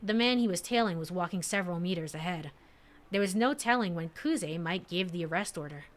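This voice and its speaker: A woman's voice: on the low side, brisk. A woman streamer narrating a story game and reacting between lines with giggles. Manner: giggly, animated, reads text then reacts. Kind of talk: let's play narration and commentary.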